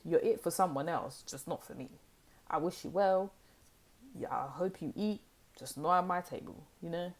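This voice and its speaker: A young woman talks straight to her viewers in a low, husky-toned register. She reads tarot in a chatty, sassy way, peppering everything with "like" and "you know". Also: darkish tone. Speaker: tarot reader. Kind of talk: casual direct-to-camera tarot reading.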